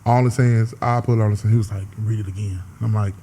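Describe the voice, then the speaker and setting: A man, a singer-songwriter guest, telling stories in an animated, casual way during an interview. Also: on the low side, fast, a little hiss or hum. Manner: animated storyteller, laughs easily.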